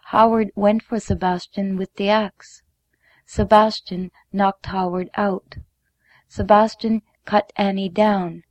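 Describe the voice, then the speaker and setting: A woman reading a first-person memoir story aloud in a measured, deliberate way, dropping to a hush at times. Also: medium pitch, no room sound. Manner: measured, deliberate, sometimes hushed.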